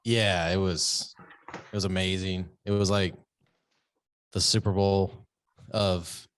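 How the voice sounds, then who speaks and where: A Texan man hosting a casual interview, his voice very low and relaxed. He talks loosely and warmly to his guest, calling him brother. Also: slow pace, smooth. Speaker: podcast host.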